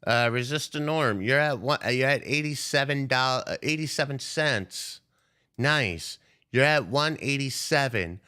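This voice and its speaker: A man's voice: medium pitch, a little slow, pushed and bright, clean tone. Young man, trading streamer, cursing, confrontational, unscripted livestream rant. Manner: profane, confrontational, ranting at viewers.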